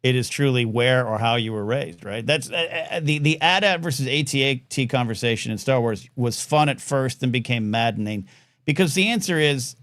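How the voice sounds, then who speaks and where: A man hosting a live call-in talk show at a mid pitch, rambling excitedly and restarting his sentences. His voice sounds close and dry, with no room around it. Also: dry recording. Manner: rambling, animated, stammering restarts. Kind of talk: casual call-in show chat.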